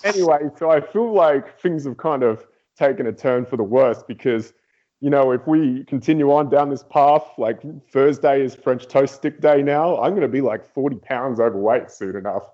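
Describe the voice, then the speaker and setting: A man's voice: mid-range voice, normal speed. A man on a podcast telling a funny story, acting out what people said. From outside the United States. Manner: animated storyteller, acts out quotes. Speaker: podcast guest. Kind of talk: casual storytelling. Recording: dull lo-fi audio.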